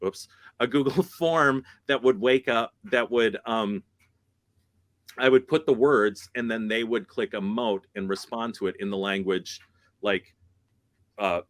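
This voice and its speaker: A man's voice: fairly low pitch, unhurried, a bit bright, no room sound. Guy chatting away at a conference, dry close sound, laughs a lot and keeps fixing what he says. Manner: chatty, laughs often, self-correcting. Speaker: guest speaker, music teacher. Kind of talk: casual conference chat.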